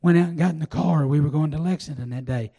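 An older man preaching a sermon, telling a personal testimony in a folksy, drawn-out way. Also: on the high side, gravelly, mellow. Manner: folksy storytelling, drawn-out pauses. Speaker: pastor.

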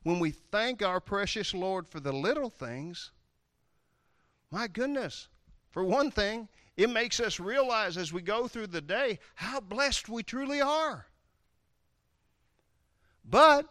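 A male preacher giving a lively, playful sermon, swinging from loud outbursts to quiet asides. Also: high voice, no echo, clean studio sound. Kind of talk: animated sermon.

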